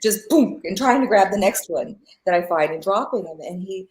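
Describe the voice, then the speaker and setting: A woman's voice: medium pitch, moderate pace, poor audio. A middle-aged woman, a spiritual teacher and guest, telling personal stories in a live interview, acting out the dialogue and laughing often. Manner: animated storyteller who acts out quoted dialogue and laughs often.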